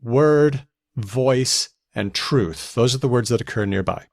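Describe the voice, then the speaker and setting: A man's voice: mid-range voice, slow pace, no echo. A man co-hosts a casual talk show, walking his co-hosts through how words get used. His voice sits in an ordinary middle range, and the recording is dry and close, with no room sound. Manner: explanatory, leading the discussion. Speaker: podcast co-host. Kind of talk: casual chat.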